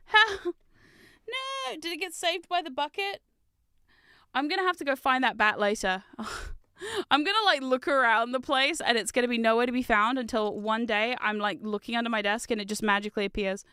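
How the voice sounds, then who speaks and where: Bright, crisp-voiced giggly woman streamer. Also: fairly high pitch, lively intonation, normal speed, no echo, clean studio sound. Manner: giggly, chatty, loud squealing exclamations. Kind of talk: casual chat while building. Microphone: close desk microphone.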